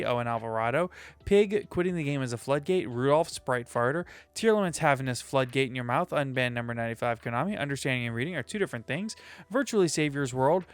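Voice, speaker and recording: A man's voice: medium pitch, fairly bright tone. A man hosting a casual podcast, upbeat and jokey, reading sponsor notes and lists of names. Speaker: podcast host.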